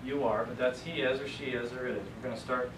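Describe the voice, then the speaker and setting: A man's voice: mid-range voice, steady tone, quick pace. Jokey male teacher in an echoey classroom. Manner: jokey, encouraging, thinks aloud. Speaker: Greek teacher. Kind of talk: classroom lecture. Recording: echoey room from a distant mic with noise.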